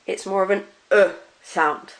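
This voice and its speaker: Woman, teacher voice, patient and clear, models French words slowly. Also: mid-range voice, fairly even intonation, poor audio. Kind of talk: classroom lesson video.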